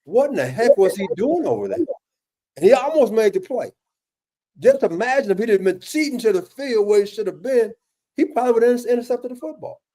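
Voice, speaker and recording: A football defensive analyst with a very high, mellow voice and lively intonation speaks briskly as he casually reviews game film. Exasperated and emphatic, he questions a play with repeated words and restarts, often turning to his co-host by name.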